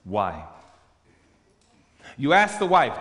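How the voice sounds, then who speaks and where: A man preaching a sermon, emphatic and animated, questioning his audience as he goes. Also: medium pitch, slow. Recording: reverberant hall.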